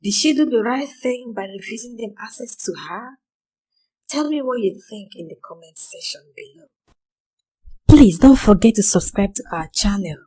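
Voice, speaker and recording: Husky woman host inviting comments. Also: fairly high pitch, expressive, normal speed, warm tone, poor audio. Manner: direct, inviting the audience. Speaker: channel host. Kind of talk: video outro.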